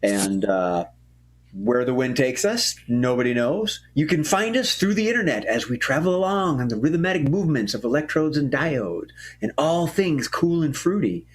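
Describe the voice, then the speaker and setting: A man's voice: medium pitch, big pitch swings, normal speed. A man hosting a live improv comedy show online, joking and laughing often between turns. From Minnesota.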